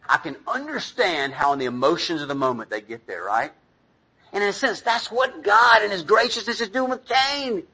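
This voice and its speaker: A man's voice: on the high side, bright, forceful tone, breathy edge, poor audio. A middle-aged man, a pastor, preaching a sermon in a conversational, self-deprecating way, with asides to the congregation.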